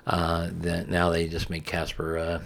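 A man's voice: low-pitched, completely flat delivery, unhurried, vocal fry, a bit bright. A man in his fifties chatting casually, rambling folksy stories with many fillers. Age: 50s. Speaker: co-host, father of the host. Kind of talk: casual chat.

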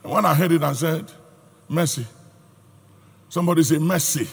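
A pastor preaching a sermon with a raspy voice, rising into shouts and sung phrases. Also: male voice, a little high, fairly even intonation, rapid-fire. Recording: hall reverb with faint music.

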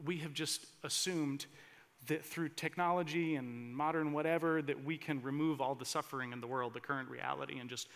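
Pastor guy preaching, high bright voice, earnest, gets fired up, lots of restarts. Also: steady tone, a little fast, creaky. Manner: earnest, building to impassioned emphasis, with restarts. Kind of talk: sermon.

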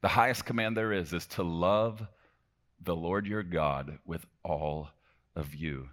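A deep-voiced man preaching with real fervor. His delivery surges to loud, ringing emphasis, then drops to a hushed, intimate tone, and he keeps checking in with his listeners. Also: measured pace. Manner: fervent, swings between shouting and hushed emphasis; talks to the congregation directly with frequent "okay?". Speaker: pastor. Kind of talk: sermon.

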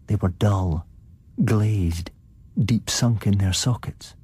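A man narrating a ghost story on his podcast in a measured, suspenseful way. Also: lowish voice, mellow, slightly rough. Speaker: podcast host and story reader.

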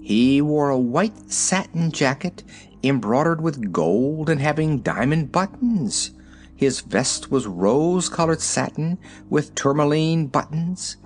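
A man narrating a storybook, reading in an expressive, lively storytelling manner. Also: medium pitch. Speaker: audiobook narrator.

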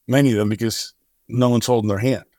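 Speaking quickly at a medium pitch, this middle-aged singer-songwriter and charity co-founder spins a lengthy interview story, animatedly performing each line of dialogue. There's no room sound.

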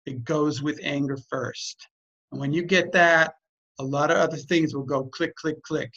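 A man's voice: fairly high pitch, fairly even intonation, normal speed, a bit bright, highs cut off. A man leading a group call, talking in a direct, blunt and emphatic way as he coaches the participants. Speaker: group facilitator.

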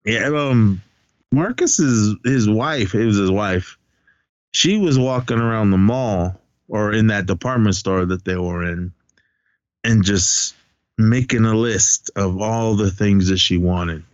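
A man's voice: fairly low pitch, takes it slowly, dry recording. A man casually recapping movie scenes with a co-host, swearing freely and laughing at the jokes. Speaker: podcast co-host. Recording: dull lo-fi recording.

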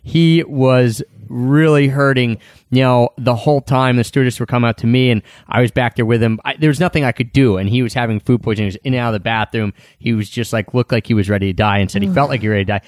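A man co-hosting a travel podcast, recapping trips in a relaxed, chatty way with plenty of fillers and restarts. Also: mid-range voice, fast, no echo, studio quality. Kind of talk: casual conversational recap.

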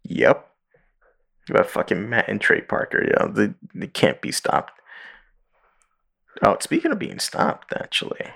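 A man co-hosting a casual podcast, retelling stories and jumping into high voices when he quotes people. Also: unhurried, gravelly, long pauses, breathy edge. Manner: animated storyteller, jumps into high voices for quoted characters. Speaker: podcast co-host.

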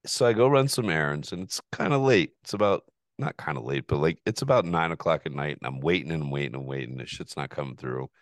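A man hosting a podcast, telling a story in a casual, profane, animated way and laughing often. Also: very deep voice, fast, no echo, clean studio sound. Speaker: podcast host.

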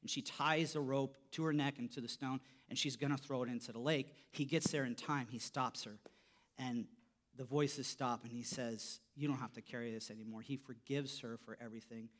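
A man preaching a sermon, telling a story, his voice dropping soft for quotes and rising when he stresses a point. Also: steady tone, normal speed. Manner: storytelling, voice drops low for quoted lines and rises when emphatic. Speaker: pastor.

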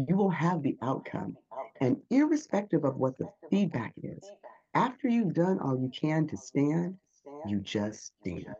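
Animated man coaching on public speaking. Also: on the high side, measured pace, highs cut off. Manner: animated, acts out quoted inner voices. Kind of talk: interview answers.

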